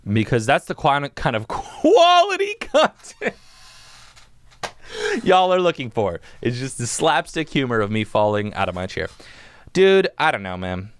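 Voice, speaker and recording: A man's voice: on the low side, a bit bright, smooth, no room sound. A young man hosting a casual solo podcast from his home music studio, rambling and joking, with "dude" in nearly every other line. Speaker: podcast host.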